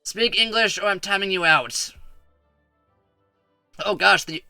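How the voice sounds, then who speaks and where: A man with a high, strikingly bright and tense voice rambles through casual gameplay commentary, stumbling and repeating words as he talks to his viewers. The sound is dry and close, with faint music underneath. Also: unhurried, creaky, clear, resonant tone, dry recording. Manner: rambling, stuttering, chatty with viewers. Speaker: streamer.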